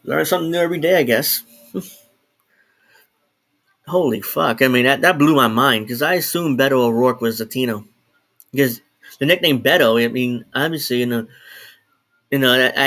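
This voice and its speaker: Live-streaming solo from his New Jersey home, a man talks off the cuff with a mid-range, fairly bright voice at a moderate pace, pausing often. He rambles and interrupts himself, restarting sentences, and now and then swears and laughs.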